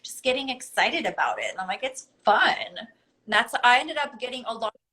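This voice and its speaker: A woman guest in a casual conversation, telling stories in an animated way and giggling often. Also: on the high side, quick pace, poor audio. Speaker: podcast guest.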